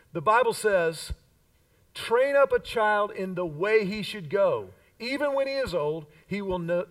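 A man's voice: sits high, a bit bright, distant mic, rough recording. A man in his fifties preaching a sermon as pastor, with emphatic repeated lines and call-and-response. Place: church sanctuary.

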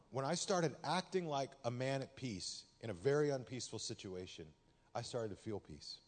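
A man from Texas, a pastor preaching a sermon in a conversational, humorous way that turns loud and animated when he tells stories. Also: mid-range voice. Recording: long hall reverb.

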